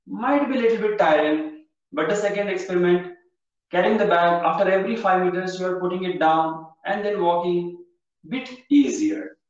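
A man teaching yoga breathing techniques in a lecture, patiently repeating his instructions and speaking directly to the class. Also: high voice. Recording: echoey distant lo-fi hall recording.

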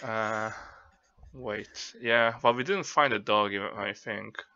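A man's voice: lowish voice, slow, pushed and bright, highs cut off. A man playing in a tabletop game who recaps past events in a rambling, casual way, full of fillers. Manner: rambling, loose, with many fillers. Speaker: player.

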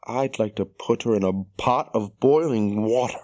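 A man's voice: fairly low pitch, moderate pace, a little mellow, voice pushed up, close to an everyday voice. A man voicing a frightened young woman who was held captive, her voice quivering, in an audiobook. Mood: hard. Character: frightened young woman, freed captive, shaky then fierce.

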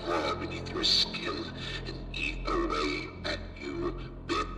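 Weary toy creature from a horror game, ominous and slow, extremely deep voice, echoey and distant over game music. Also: male voice, flat delivery. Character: grim weary male toy creature, last of its kind. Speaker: game character.

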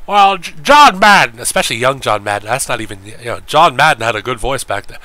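A man's voice: medium pitch, big pitch swings, fairly quick, hardly any pauses, pushed and bright. A man streaming games and chatting casually with his viewers, cursing freely, joking and rambling. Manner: profane, joking, rambling, mimics friends in quotes. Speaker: game streamer.

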